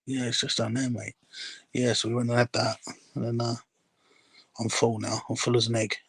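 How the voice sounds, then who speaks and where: A man from chatting quietly and laid-back, often calling his friend mate. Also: medium pitch, flat delivery, normal speed, slightly rough, no echo. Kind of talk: casual chat.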